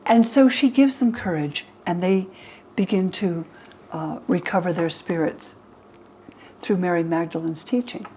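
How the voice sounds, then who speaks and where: An older woman scholar explaining old texts to an interviewer, lively, acting out the quoted speakers in higher voices. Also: a little slow, slight background noise, poor audio. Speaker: religion scholar and guest.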